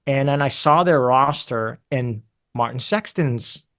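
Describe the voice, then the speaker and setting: Speaking at a measured pace with a clean, medium-pitched tone, a male guest musician recounts a lengthy story during an interview. He's relaxed and animated, scattering fillers and asides throughout.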